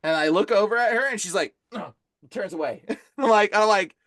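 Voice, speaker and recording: A man guesting on a podcast as an exorcist, telling stories in a casual, animated way and saying "bro" constantly. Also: sits high, moderate pace, dry recording, studio quality.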